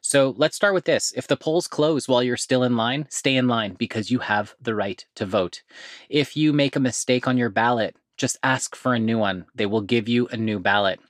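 An earnest male podcast host speaking at a middle pitch, direct and practical. He slows down carefully when he reads out numbers and adds the odd casual aside. The recording is dry and close, with no room sound. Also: dry recording. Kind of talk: informational podcast talk.

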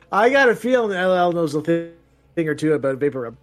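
A man on a podcast tossing in quick jokey one-liners during casual movie chat. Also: on the high side, sing-song, soft background music. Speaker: podcast co-host.

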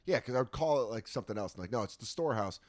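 An American man chatting casually, telling lively stories and swearing freely. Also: mid-range voice, rapid-fire, dry recording. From United States. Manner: animated storyteller, swears freely. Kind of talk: casual chat.

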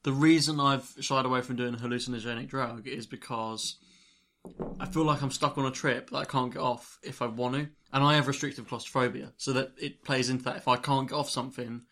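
A man hosts a casual podcast, chatting loosely and laughing through his sentences. His voice has an ordinary middle pitch. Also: steady tone, fairly quick, sharp tone. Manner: chatty, laughs while talking. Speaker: podcast host.

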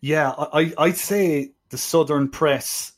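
A man's voice: a little high, fairly even intonation, takes it slowly. A man co-hosting a film podcast, talking with many hesitant restarts and a tone of exasperated disbelief. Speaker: podcast co-host. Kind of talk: casual film review chat.

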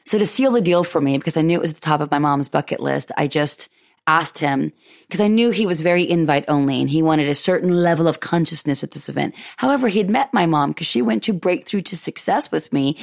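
A woman hosting a podcast, telling a personal story in a lively way and acting out what people said. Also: vocal fry. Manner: animated, acts out quoted dialogue with big pitch jumps. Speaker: podcast host.

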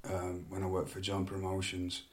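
A middle-aged man from England spins lively stories from his wrestling years. He repeats words as he builds up a tale, breaks into laughs, and keeps a fairly low voice. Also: normal speed. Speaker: former wrestler, guest. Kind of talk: casual storytelling chat.

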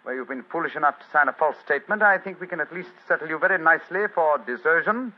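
Man playing a cool clever detective, husky voice, very up and down, muffled 1940s radio sound. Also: a little high, fast, lightly acted. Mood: accusing. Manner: crisp, precise, lecturing. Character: brilliant, composed male detective. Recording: dull lo-fi 1940s radio recording.

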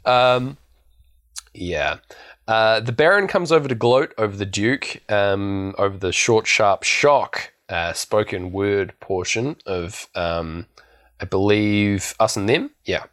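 A man's voice: fairly low pitch, expressive, takes it slowly, a bit bright. A man co-hosting a casual film podcast, recapping scenes in a rambling way with lots of fillers and restarts. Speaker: podcast co-host.

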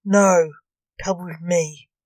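A woman's voice: lowish voice, steady tone, very slow, no room sound, studio quality. A woman voicing an irritable grown necromancer who speaks coldly and darkly. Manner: cold, dark and hissing.

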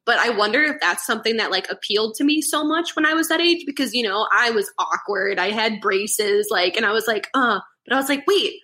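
A young adult woman, a podcast guest in casual chat, animated and giggly, with lots of fillers. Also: fairly high pitch, fairly quick, hardly any pauses.

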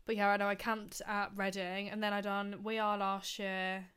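A young woman in her twenties chats on a podcast with a smooth, clear voice. She uses casual slang, laughs often, and makes dry, sarcastic jokes at her co-host. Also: mid-range voice, level tone, moderate pace, a bit bright. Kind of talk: casual chat.

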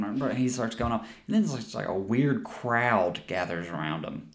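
A young podcast host with an expressive mid-range voice chats casually about a movie at a normal pace. He rambles and swears a lot, often restarting sentences and laughing.

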